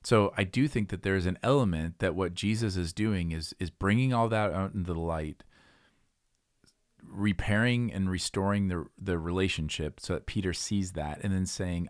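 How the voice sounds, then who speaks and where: Man, very low voice, thoughtful Bible talk, dry close sound. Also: normal speed, no room sound. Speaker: Bible discussion speaker. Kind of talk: casual Bible discussion.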